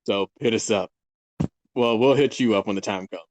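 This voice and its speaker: A man's voice: fairly low pitch, moderate pace, a little mellow. A man in his twenties, a guest author, rambling through a casual interview, laughing often and trailing off mid-sentence. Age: 20s.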